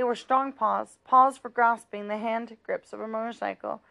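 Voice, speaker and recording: A woman reads a children's novel aloud in a steady, plain narrating voice. Her pitch sits slightly high, and she makes small slips and restarts along the way. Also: normal speed, gravelly. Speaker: reader.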